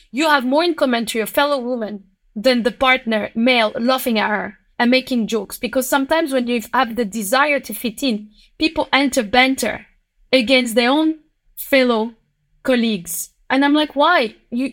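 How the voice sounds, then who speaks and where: A woman with a French accent, a lawyer speaking as a podcast guest, outspoken and emphatic. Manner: outspoken and emphatic, with sharp pitch jumps. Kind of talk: passionate podcast conversation.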